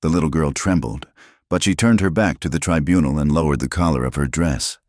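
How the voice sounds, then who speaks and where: A man narrating a western story in a dramatic, measured scripted reading. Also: extremely low pitch, a little mellow, no echo, studio quality.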